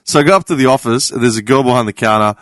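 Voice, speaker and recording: An Australian man on a podcast panel, telling a story in a casual, animated way. He acts out the people in his story, swears casually and laughs often. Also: mid-range voice, rapid-fire, no echo, clean studio sound.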